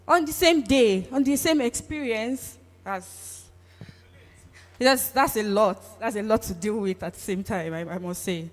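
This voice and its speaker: A woman's voice: medium pitch, measured pace. A woman with a Nigerian English accent hosts a live session, playful and teasing as she draws in the audience. Her voice carries a long reverb from a large hall. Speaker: event host. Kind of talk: lively audience engagement. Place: event hall.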